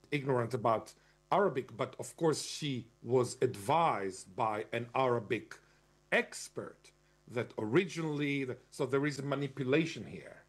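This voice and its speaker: A man's voice: mid-range voice, slightly rough. A man giving an argumentative lecturing monologue, stressing key words and spelling out terms. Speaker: commentator.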